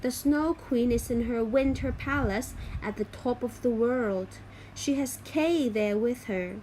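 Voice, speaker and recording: A woman voicing a wise, kindly old woman who speaks slowly and gently. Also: fairly high pitch, slight background noise, close to an everyday voice, rough recording. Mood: gentle.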